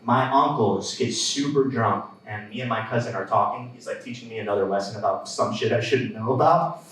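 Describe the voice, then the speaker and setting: A man's voice: on the low side, a little fast, fairly bright tone, heavy reverb, far from the mic, rough recording. A young man doing a live stand-up set, telling stories in a casual way with lots of fillers and laughs. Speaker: stand-up comedian. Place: comedy club stage.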